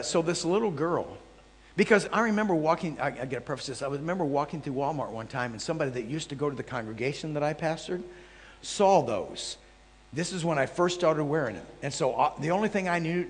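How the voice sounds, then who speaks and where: A man teaching a live audience as a traveling Bible teacher, telling animated anecdotes with jokey asides to the crowd. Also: fairly high pitch. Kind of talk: storytelling sermon. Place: large hall before a live audience. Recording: long hall reverb.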